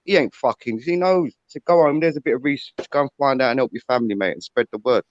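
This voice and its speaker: Fast-talking blunt man, dull call audio. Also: medium pitch, dry recording. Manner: blunt, swears freely, talks fast in bursts. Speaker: panel guest. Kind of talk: casual livestream chat. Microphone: video call.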